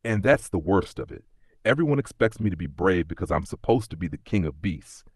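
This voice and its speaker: A man's voice: low-pitched, animated, fairly quick, breathy edge, no echo, clean studio sound, exaggerated voice. A man voicing a big male lion who is a coward, speaking in a sighing, ashamed way. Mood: sheepish. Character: timid, gloomy male lion.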